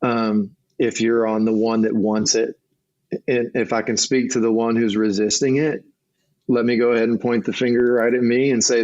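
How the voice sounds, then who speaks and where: A man's voice: medium pitch, little pitch movement, normal speed, a little mellow, no echo. A middle-aged man, a marriage coach and guest, talking earnestly in a casual conversation with frequent restarts, on a dull lo-fi recording.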